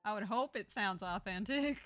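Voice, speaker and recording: A woman streamer from Texas talking casually through a story game and tossing jokey asides to her chat. Her voice is bright and forward, with a close, dry sound and no echo. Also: medium pitch, normal speed, faint music behind. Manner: chatty, jokey asides to viewers. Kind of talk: casual gameplay commentary, reading a story game aloud.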